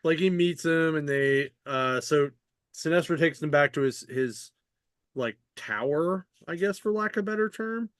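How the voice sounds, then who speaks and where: A man hosts a podcast, chatting casually and rambling with plenty of fillers and the occasional swear word. His voice is a little high, fairly bright, clear and resonant, and he talks at a moderate pace. The recording is dry and clean, with studio sound.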